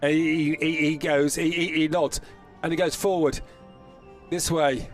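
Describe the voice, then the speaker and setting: A man with a high voice runs a tabletop game as game master, narrating in a rambling way and often correcting himself mid-sentence. Faint music plays underneath. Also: flat delivery, unhurried. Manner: rambling, self-correcting narration with frequent restarts.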